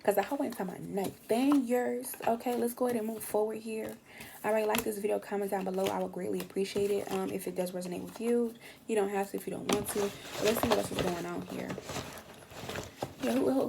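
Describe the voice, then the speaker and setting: A woman's voice: on the low side, vocal fry, noisy background. A young woman giving a casual tarot reading, brash and slangy, swearing freely and acting out what other people say. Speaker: tarot reader.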